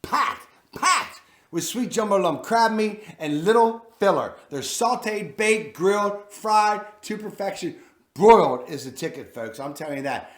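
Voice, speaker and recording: Excitable Baltimore man hosting a vlog. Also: high voice, unhurried, echoey room. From Maryland. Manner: enthusiastic, punchy exclamations. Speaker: vlog host. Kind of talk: casual presenting to camera.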